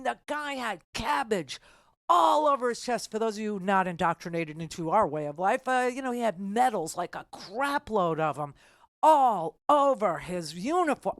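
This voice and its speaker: A woman's voice: mid-range voice, no room sound, studio quality. An older woman hosting a political talk radio show, telling a story in a rambling, sarcastic way with many restarts.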